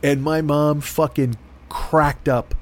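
A man's voice: fairly high pitch, steady tone, takes it slowly. A middle-aged man telling a long, profane, self-deprecating story in a rambling podcast monologue. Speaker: podcast host.

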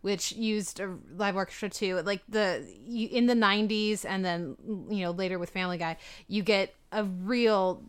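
Smooth-voiced woman co-hosting a chat. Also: medium pitch, steady tone, moderate pace. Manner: chatty, hedges with fillers. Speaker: podcast co-host. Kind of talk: casual chat.

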